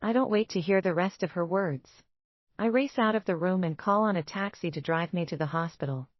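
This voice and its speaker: A woman reading a first-person romance novel aloud in a measured, even way. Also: fairly low pitch, dry recording, muffled recording. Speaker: audiobook narrator.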